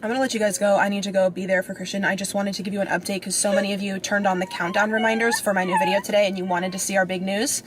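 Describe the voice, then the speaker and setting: A woman speaking on a live stream to her followers, coaxing and directing her son. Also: medium pitch. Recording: noisy home stream audio.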